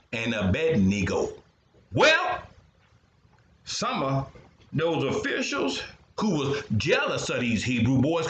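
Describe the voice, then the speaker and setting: Lively old storyteller man. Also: a little high, reverberant, slight background noise. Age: older. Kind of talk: animated storytelling with sound effects.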